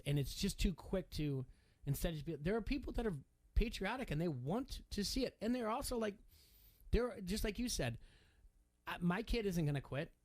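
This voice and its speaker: A middle-aged man co-hosting a sports radio show, talking in a rambling, animated way with many restarts. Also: a little high. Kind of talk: casual sports talk.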